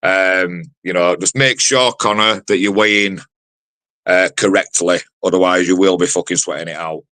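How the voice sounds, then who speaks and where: A man's voice: low-pitched, steady tone, moderate pace, sharp tone, no room sound. A man, a bare-knuckle fighter giving a sweary, brash promo interview full of fillers. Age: 40s. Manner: brash, sweary trash talk with many fillers.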